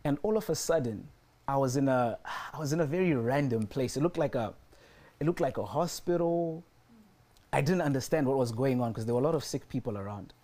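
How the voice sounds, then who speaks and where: Man, preacher, sermon, repeats phrases for emphasis, mid-pitched voice. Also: animated, a little fast, mellow. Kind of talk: sermon with a personal testimony.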